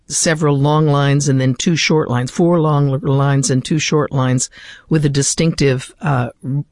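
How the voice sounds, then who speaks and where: A man's voice: a little high, no room sound, studio quality. An American man speaking thoughtfully with frequent fillers, explaining a poem and then reciting it. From United States. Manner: thoughtful, hesitant with many fillers. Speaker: literature guest.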